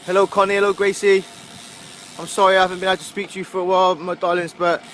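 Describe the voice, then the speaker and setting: A man from England speaks fast in a high, slightly bright voice with little pitch movement and a little hiss or hum. With his Gloucestershire accent, this touring cyclist vlogger rambles through a casual roadside video diary while biking, laughing and using plenty of fillers.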